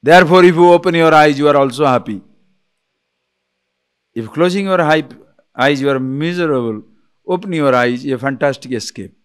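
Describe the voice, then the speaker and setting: A man giving a spiritual lecture on scripture, animated, acting out little dialogues and chanting verses. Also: on the high side, normal speed, pauses often, clean tone. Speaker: spiritual teacher.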